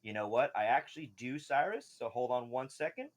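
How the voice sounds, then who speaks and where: A man's voice: medium pitch, expressive, fairly quick. Laughing male game master. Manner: laughing, rambling, casual. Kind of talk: narrating a tabletop game.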